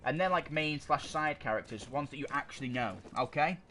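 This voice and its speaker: His voice is fairly high, fairly quick, pushed and bright. Co-hosting a casual podcast through a desk mic, he rambles through his opinions and keeps stopping to search for words, all in a noisy amateur recording.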